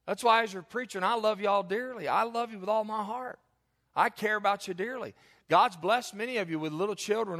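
A male pastor preaching an animated sermon, repeating phrases for emphasis and joking with his congregation, recorded in a church. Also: high voice. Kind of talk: sermon with humorous asides. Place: church sanctuary. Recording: long reverb of a church hall.

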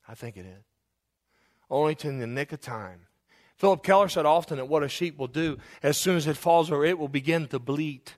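A preaching man, pitched a bit high. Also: a little fast. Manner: preaching with rising passion, rhetorical questions and repetitions. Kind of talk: sermon.

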